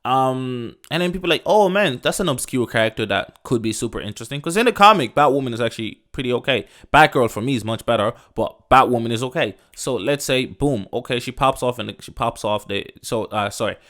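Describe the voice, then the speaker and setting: A man's voice: mid-range voice, animated, brisk, few pauses, fairly bright tone. A man hosting a podcast, ranting in a loose, profane, emphatic way and sprinkling in "bro" and "you know what I'm saying". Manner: loose, rambling, restarts sentences. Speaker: podcast host. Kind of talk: casual rant.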